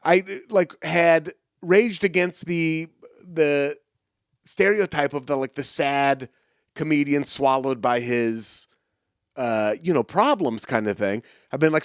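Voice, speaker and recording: Man, forties, casual podcast chat, rambling, fairly high pitch, dry mic. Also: slow pace, clean tone, dry recording. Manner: rambling, many filler likes. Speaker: comedian guest.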